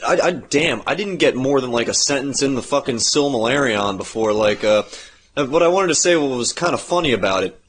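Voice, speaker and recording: A man hosting a podcast, telling a story in a rambling, profane, animated way. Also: mid-range voice, fairly quick, slight background noise. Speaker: podcast host. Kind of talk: casual chat.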